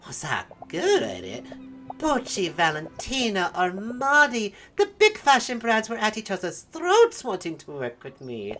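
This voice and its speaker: A woman's voice: medium pitch, wildly swooping pitch, unhurried, a bit bright. A woman voicing a witty, teasing retired old seamstress, reading game dialogue aloud in a proud, chatty manner.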